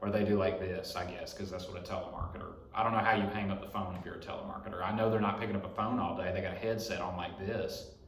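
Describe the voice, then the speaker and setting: A man's voice: deep voice, fairly even intonation, fast talker, gravelly. A young man hosting a podcast in his garage, rambling through a profane story in a casual monologue. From Alabama. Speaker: podcast host. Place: home garage. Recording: echoey garage.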